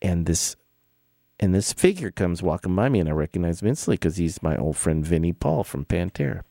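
Low, gravelly and dark-toned, this middle-aged man's voice is very animated and fairly quick. He's a podcast host rambling through music stories in a relaxed style with filler words and restarts, recorded in a clean studio with no room sound.

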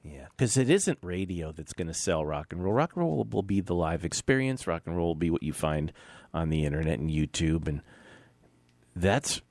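A man's voice: low voice, sing-song, normal speed, darkish tone, no echo. A man hosting an interview, chatty and joking with his guests. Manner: chatty, jokey. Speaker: interview host. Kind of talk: casual interview chat.

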